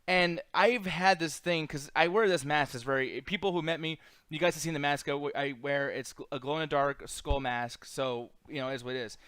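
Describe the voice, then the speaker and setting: A man's voice: a little high, brisk, a bit bright, smooth. A young man hosting a chat show, telling a rambling, profane story in a blunt, casual way. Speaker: podcast host.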